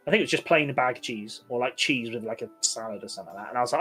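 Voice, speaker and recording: A man's voice: medium pitch, fairly even intonation, rapid-fire, few pauses, a bit bright, faint music behind. Rambling man, casual podcast chat. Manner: rambling storytelling with many fillers. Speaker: podcast co-host.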